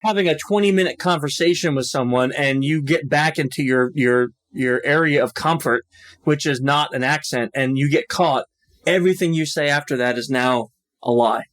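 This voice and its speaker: A man hosting a podcast in casual chat, easygoing and quick to laugh. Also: on the high side, fairly bright tone. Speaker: podcast host.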